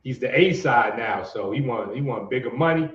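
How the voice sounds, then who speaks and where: A man's voice: medium pitch, lively intonation, normal speed. A man hosting a boxing show, easygoing, reading out viewer comments. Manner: easygoing, drawled affirmations. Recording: roomy, dull lo-fi sound.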